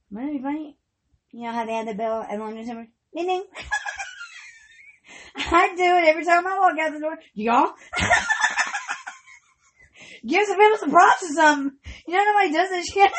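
A woman hosting a casual, profane chat, laughing constantly and swinging from loud to quiet. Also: high voice. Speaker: podcast host.

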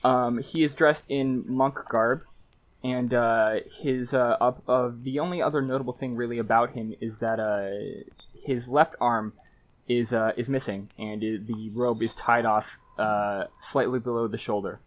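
Halting man narrating a tabletop game. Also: mid-range voice, fairly even intonation, lo-fi sound. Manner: halting, searches for words with many fillers. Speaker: game master.

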